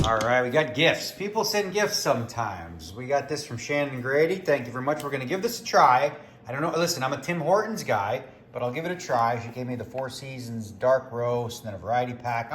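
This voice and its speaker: A man's voice: medium pitch, slightly rough. A man chatting casually to camera in a home vlog, joking as he goes, with a little wind and noise behind him. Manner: chatty, joking, talks to his dogs. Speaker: vlogger, poker player. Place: home, backyard and indoors.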